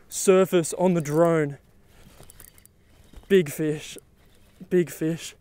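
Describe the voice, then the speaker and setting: A young man talking outdoors on the water while fishing, exclaiming excitedly to the camera. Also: fairly high pitch, takes it slowly, long pauses, clear, resonant tone, no room sound. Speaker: fishing vlogger.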